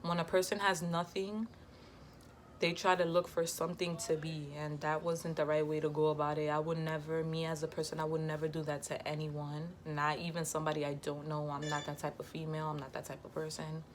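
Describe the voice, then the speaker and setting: A woman's voice: low voice, level tone, fairly quick, a little hiss or hum. A young adult woman vlogger telling a personal story in a candid, emphatic way, full of slang. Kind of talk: storytime vlog.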